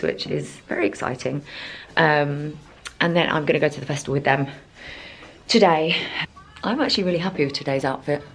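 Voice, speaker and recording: A woman's voice: low voice, a little fast. A British woman in her twenties chatting casually to her phone camera in a rambling vlog, full of ums and likes. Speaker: vlogger.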